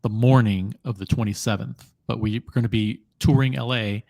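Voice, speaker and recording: Podcast co-host, male, animated and repetitive, dry close studio mic. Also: mid-range voice, normal speed, gravelly, no room sound. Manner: animated, riffing, repeats himself. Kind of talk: casual panel chat.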